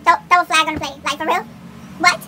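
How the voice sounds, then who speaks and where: A teenage girl putting on a shrill, indignant reaction voice, loud interjections. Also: steady tone, fast, background noise. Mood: outraged.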